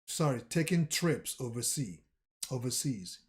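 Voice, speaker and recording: A man reads a manga chapter aloud at a leisurely, drawn-out pace, adding commentary as he goes. His voice sits at a middle pitch, and he trips over words and corrects himself in a relaxed, unpolished way. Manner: slow and casual, stumbling and correcting himself. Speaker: manga reader and channel host.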